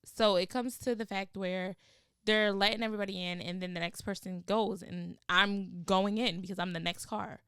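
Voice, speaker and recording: A woman hosting a podcast, telling stories in an animated way and using casual slang. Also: mid-range voice, normal speed, clear, resonant tone, no echo, studio quality. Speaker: podcast host.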